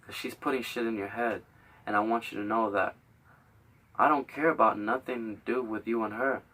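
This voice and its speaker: A man's voice: lowish voice, steady tone, moderate pace, pushed and bright, distant mic. A young man hosting a show, telling a heated, profane story full of acted-out quotes. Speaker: podcast host.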